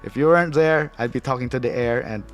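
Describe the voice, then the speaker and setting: A man's voice: mid-range voice, fast, soft background music. A man from the Philippines, hosting a casual livestream, chatting loosely, reading chat aloud and laughing often. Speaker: livestream host.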